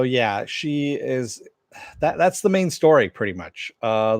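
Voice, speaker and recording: A man's voice: medium pitch, no echo, clean studio sound. A man hosting a casual live-stream chat about TV shows, answering viewers at home in a loose, rambling way with many fillers. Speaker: show host.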